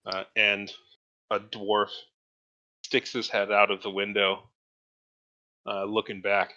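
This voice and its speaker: A low-voiced man narrating as game master, relaxed and hesitant, with a forceful, bright tone. The sound comes through a slightly dull lo-fi mic. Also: slow.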